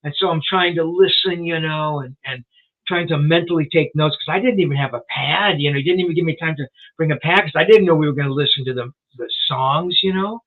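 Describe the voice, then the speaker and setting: A man in his sixties, a guest journalist, tells an anecdote in a fairly high, chatty voice. He rambles and restarts his sentences, leaning on "you know" as filler. The sound comes through thin and phone-like, as over a call. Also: brisk. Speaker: guest rock journalist and author. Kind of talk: casual storytelling in a live interview. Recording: tinny phone-like line.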